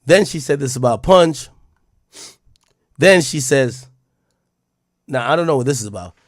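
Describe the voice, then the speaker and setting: A man's voice: medium pitch, lively intonation, measured pace, no echo, studio quality. A man streaming live, reading posts aloud and muttering his reactions to himself, rambling and swearing freely.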